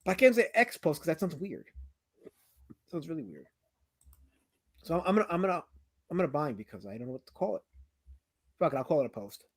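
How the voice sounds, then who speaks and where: A man hosting a livestream in casual banter, teasing his chat and his guest. His voice sits a touch high and jumps around a lot, flaring into loud outbursts and then dropping to a mumble. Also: big pitch swings, brisk, long pauses, slightly rough, no room sound. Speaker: livestream host.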